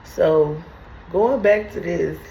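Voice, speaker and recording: A woman hosts a video of profane, comedic Bible commentary, riffing crudely on scripture and laughing often through her words. Her voice is lowish, creaky and warm, and she speaks slowly. The recording has roomy echo and slight background noise.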